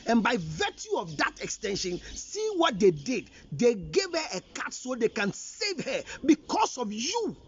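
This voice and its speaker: A man with a Ghanaian accent and a very high, expressive voice that swoops up and down as he lectures. He scolds and presses with pointed questions, a relationship counselor on a dull, lo-fi recording. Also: a little slow, hardly any pauses, a little hiss or hum. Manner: emphatic, scolding, rhetorical questions. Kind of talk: counseling talk mixing English and Twi.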